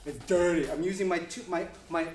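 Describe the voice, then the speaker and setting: A man's voice: sits high, fairly even intonation, a little fast, over music. Joking kung fu instructor man. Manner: loose, joking, many fillers and restarts. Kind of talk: casual demonstration lesson. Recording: echoey room.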